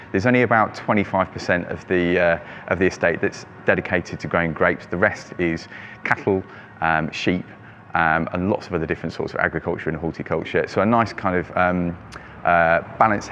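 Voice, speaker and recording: A man's voice: sits low, a little hiss or hum. A man hosting a monthly wine selection, chatting casually with many ums and fillers. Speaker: wine shop host presenting monthly selection. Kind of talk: casual product talk. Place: shop with traffic outside.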